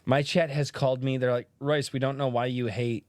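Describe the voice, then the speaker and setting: A man hosting a casual podcast chat, loud and passionate, swearing often. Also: medium pitch, flat delivery, fairly quick, no room sound. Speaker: podcast host.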